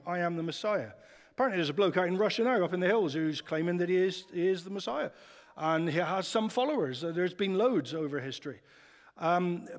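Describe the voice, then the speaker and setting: A man preaching a sermon in a chatty, lively way, often putting rhetorical questions to the congregation. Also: sits high. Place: church hall. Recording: long church reverb.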